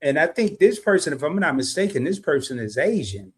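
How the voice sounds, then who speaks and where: A man's voice: on the high side, sing-song, a little fast, breathy edge. A middle-aged man co-hosting a live stream, laid-back and slangy, talking straight to his viewers. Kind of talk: casual live stream chat.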